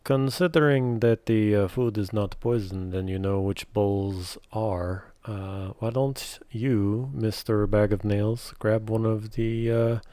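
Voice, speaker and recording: A man with a fairly low voice plays a tabletop game over voice chat. He asks wry, probing questions in casual talk. The sound is dry and close on a computer mic. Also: steady tone, takes it slowly, few pauses, warm tone, no echo. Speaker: player. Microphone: computer mic over online voice chat.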